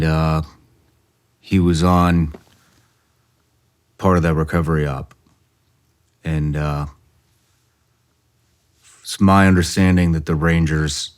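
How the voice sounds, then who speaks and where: A male podcast host speaking slowly and hesitantly in an interview, pausing often with "uh.". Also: rumbling low. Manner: slow, hesitant, many "uh" pauses. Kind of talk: interview conversation. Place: podcast studio.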